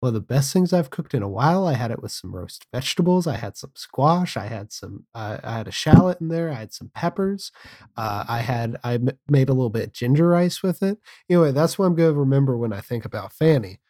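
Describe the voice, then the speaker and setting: A man's voice: medium pitch, lively intonation, a little fast, a little mellow. A man co-hosting a film podcast, chatting casually with dry, rambling asides. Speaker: podcast co-host.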